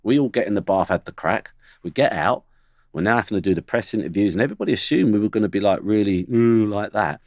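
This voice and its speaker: A man's voice: lowish voice, lively intonation, fast, dry recording. A middle-aged man, a former footballer, telling blunt stories about teammates on a studio podcast. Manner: blunt, anecdotal, mimics teammates. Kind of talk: podcast storytelling.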